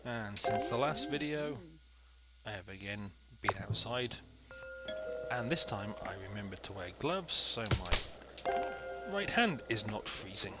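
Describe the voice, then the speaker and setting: A man's voice: lowish voice, animated, slow, loud music behind the voice. A man giving chatty, dry, methodical commentary while playing a cooking game. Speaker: let's play host. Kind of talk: gameplay commentary.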